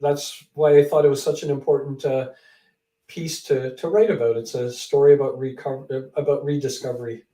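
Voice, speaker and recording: Animated man telling a story in an echoey room. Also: mid-range voice, normal speed. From Canada. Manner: animated storyteller who acts out quoted people. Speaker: author and guest. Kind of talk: interview storytelling. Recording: echoey room, distant from mic.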